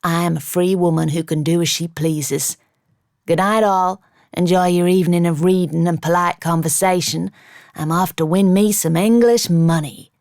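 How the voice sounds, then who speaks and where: A woman's voice: on the low side, steady tone, normal speed, gravelly, darkish tone, no echo, studio quality. A woman voicing a brash, defiant young American woman gambler in an audiobook, with a blunt, brassy manner.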